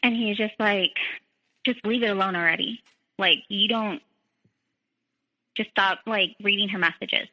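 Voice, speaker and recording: A young woman appears as a podcast guest and tells her own story, quoting others in dialogue and saying "like" often. Her mid-range voice is fairly even and unhurried, with frequent pauses, in a large hall. The sound is dull and lo-fi.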